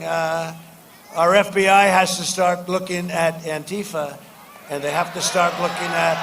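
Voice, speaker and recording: A man speaking at a political rally, off the cuff and repetitive, jumping between shouted lines and quiet asides. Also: sits high, slight background noise.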